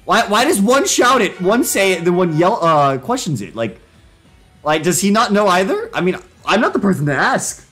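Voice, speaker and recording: A man's voice: high voice, very animated, moderate pace, fairly bright tone, husky, faint music behind. A young man casually commenting on a live stream, joking around and reading prompts aloud. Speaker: livestreamer.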